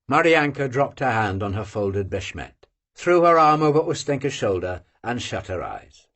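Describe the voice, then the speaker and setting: An audiobook reader narrating a classic novel unabridged, in a slow, measured voice that drops low between lines of dialogue. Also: sing-song, a bit bright.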